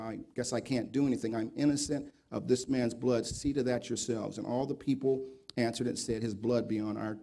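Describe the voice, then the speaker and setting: A male pastor preaching a sermon, with a gravelly, dark and mellow voice. He reads scripture aloud and comments on it. He swings between loud, emphatic remarks and low, quiet reading.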